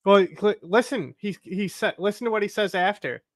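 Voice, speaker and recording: A man's voice: sits high, moderate pace, no echo, studio quality. A man co-hosting a live stream, chatting casually and retelling events in detail. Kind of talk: casual reaction commentary.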